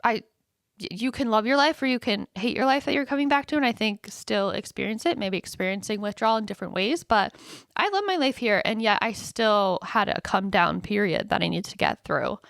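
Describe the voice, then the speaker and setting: A woman's voice: mid-range voice, expressive, a little fast, vocal fry, fairly bright tone, no echo, clean studio sound. A woman hosting a podcast alone, talking candidly and casually with many fillers, and swinging into dramatic tones when she quotes her own thoughts. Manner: chatty, candid, self-deprecating with frequent fillers. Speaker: podcast host. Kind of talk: casual solo podcast monologue.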